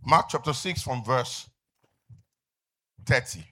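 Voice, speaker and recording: A middle-aged man preaching a sermon as pastor, asking the congregation to finish his lines and rising to shouts. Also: mid-range voice, lively intonation, takes it slowly. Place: church with outdoor canopy seating.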